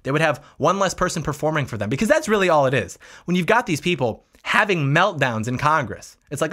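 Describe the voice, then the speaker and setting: Fast-talking male political commentator. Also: on the high side, very animated, a bit bright. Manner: combative, mocking asides. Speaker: political commentator, channel host.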